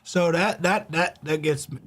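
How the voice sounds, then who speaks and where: A man's voice: on the high side, unhurried, fairly bright tone. A man hosting a call-in talk show, ranting in a fired-up way with casual profanity. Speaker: host.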